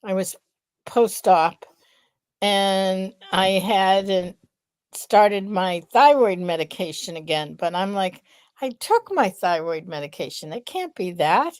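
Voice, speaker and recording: Slow, reflective woman co-host. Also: medium pitch, expressive, darkish tone, smooth, dry recording. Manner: slow, reflective, thinks aloud. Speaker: podcast co-host. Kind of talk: casual chat.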